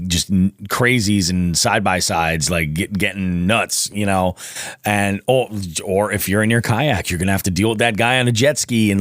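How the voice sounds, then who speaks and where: Male podcast host, low, dry and close, upbeat and effusive, thanks guests warmly. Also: no echo. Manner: upbeat, effusive, frequent agreeing interjections. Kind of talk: casual interview chat.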